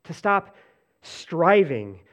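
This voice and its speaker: A man preaching a sermon in a casual, conversational way, full of "like" fillers and restarts, swinging between animated bursts and hushed, soft passages. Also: a little high, very slow. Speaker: pastor.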